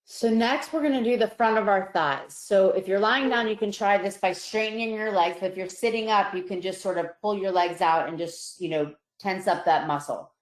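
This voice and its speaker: A woman psychologist leads a guided muscle relaxation in a calm, coaching manner. Her voice sits at a middling pitch and softens as she tells listeners to let go. The recording has a roomy echo. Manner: calm, slow, coaching tone that softens on each release. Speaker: psychologist presenter.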